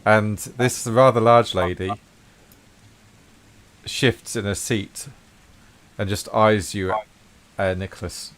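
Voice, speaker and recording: A man's voice: fairly low pitch, fairly even intonation, slow, long pauses. Man narrating as game master. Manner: descriptive, easygoing narration with fillers.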